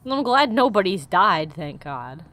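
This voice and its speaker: A woman's voice: medium pitch, very animated, unhurried, a bit bright. A woman giving casual let's play commentary, blunt and chatty, swearing freely.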